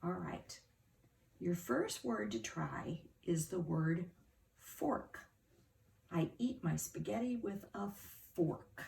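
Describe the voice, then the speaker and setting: A middle-aged woman teaching a phonics lesson to young children, sounding out words slowly and patiently. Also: fairly low pitch, expressive, gravelly, darkish tone. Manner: slow, patient, over-articulated sounding out.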